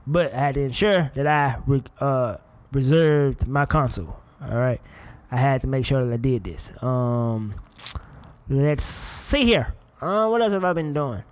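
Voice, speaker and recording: A young man hosting a casual commentary show, animated and profane, laughing often. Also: medium pitch, unhurried. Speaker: podcast host.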